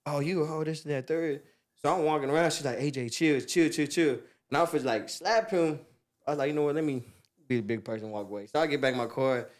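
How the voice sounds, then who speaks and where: A man with a slightly high voice tells a story as a podcast guest, loose and animated. He laughs often and gets louder when he acts out what people said. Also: fast. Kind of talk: casual storytelling.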